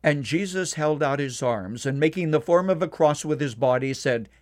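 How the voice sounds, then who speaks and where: A man delivering a scripted devotional radio commentary in a measured, earnest way, slowing down to stress key points. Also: fairly high pitch, animated, darkish tone. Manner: measured, earnest, slows down for emphasis.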